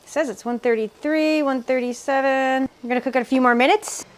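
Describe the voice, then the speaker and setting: A woman's voice: sits high, fairly even intonation, fairly quick. A woman hosting a home cooking video, narrating each step with upbeat enthusiasm. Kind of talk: cooking demonstration.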